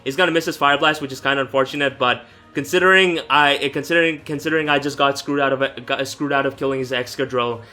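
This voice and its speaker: Faint music plays behind a young gaming YouTuber narrating his own competitive match live. His mid-range voice is pushed and bright, fast with few pauses and fairly even intonation, and his rambling talk is full of self-corrections and casual swearing.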